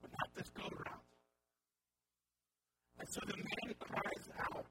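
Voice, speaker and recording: A male pastor speaks slowly, with long pauses, giving a conversational sermon sprinkled with wry asides. The recording carries an audible hum and background noise.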